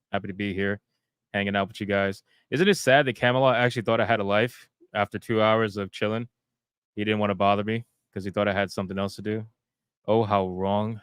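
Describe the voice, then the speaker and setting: A man's voice: lowish voice, clean tone, no echo, studio quality. A man joining a livestream as a guest, joking and mocking himself in an upbeat, casual way. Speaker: guest streamer.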